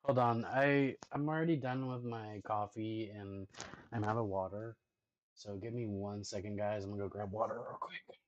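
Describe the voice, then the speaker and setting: A man's voice: lowish voice, steady tone, moderate pace, lo-fi sound, slight background noise. A man streaming and reacting to videos, talking loosely with lots of 'like' and 'dude'. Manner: loose slangy talk with constant 'like' and 'dude'; chatty, talks playfully to his dog. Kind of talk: casual reaction stream chat.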